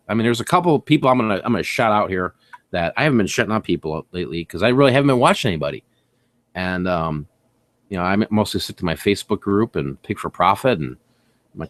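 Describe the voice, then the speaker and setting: Man, middle-aged, livestream host, lively swooping pitch, dry close sound, excitable, laughs a lot. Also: dry recording. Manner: excitable, animated storytelling with acted-out reactions; laughs often, swears casually. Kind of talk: casual livestream chat.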